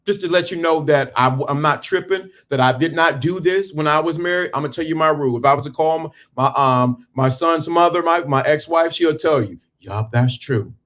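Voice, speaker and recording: A middle-aged man hosts a casual motivational livestream, preaching emphatically to viewers and stopping and restarting as he gets dressed. His voice is fairly high and fairly bright, a little fast with few pauses. It's captured by a phone or camera on a stand.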